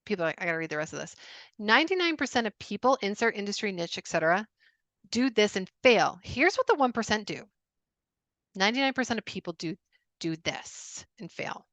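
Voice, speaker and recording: A woman's voice: medium pitch, very animated, brisk, fairly bright tone, no room sound. A woman giving an upbeat sales training webinar, emphatic and repeating key phrases. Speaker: business coach.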